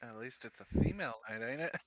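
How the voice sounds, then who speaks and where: Jokey male player with a forceful voice. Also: medium pitch, fast, no room sound. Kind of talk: casual online tabletop game chat.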